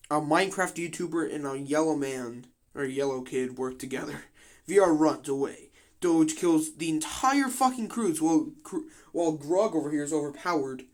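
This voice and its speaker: A young man giving casual commentary on a game simulation, slangy and full of swearing and joking asides. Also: fairly high pitch.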